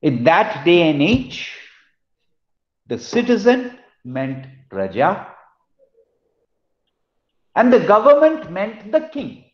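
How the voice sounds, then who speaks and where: A man gives a university lecture with a high, lively voice that swoops up and down. He tells an old fable at an easy pace, then explains it to the room. The sound is roomy and dull, like a lo-fi recording in a large hall. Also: takes it slowly, pauses often. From India. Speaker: guest lecturer.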